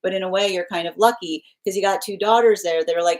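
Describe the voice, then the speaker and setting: A tarot reader with a lowish, darkish voice gives a live dream reading, speaking fast with hardly any pauses, choked up with emotion. Her delivery is earnest and flowing, full of spiritual phrases and frequent check-ins of "right?", and the audio quality is poor.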